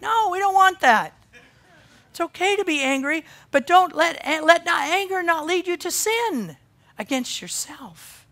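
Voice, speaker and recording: A woman pastor preaching a sermon, swinging from loud emphasis to quiet intensity. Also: very high voice, expressive, a little slow.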